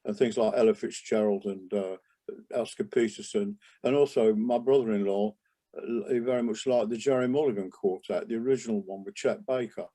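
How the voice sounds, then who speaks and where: Older man, mellow reminiscing voice. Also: on the low side, fairly even intonation, fairly quick. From England. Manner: rambling, with many restarts and asides. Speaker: interview guest, jazz trumpeter. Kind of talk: relaxed reminiscing interview talk.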